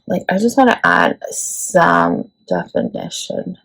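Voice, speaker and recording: Woman vlogger, casual tutorial chatter, gravelly fry, mid-pitched. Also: expressive, a little slow, poor audio. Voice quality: creaky. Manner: chatty, peppered with "like" and "let me tell you". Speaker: beauty vlogger.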